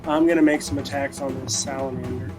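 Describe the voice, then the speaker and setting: A man's voice: medium pitch, fairly even intonation, fast talker, over music. A man playing a tabletop game, casually calling out his character's moves. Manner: casual, declares his moves matter-of-factly. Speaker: player.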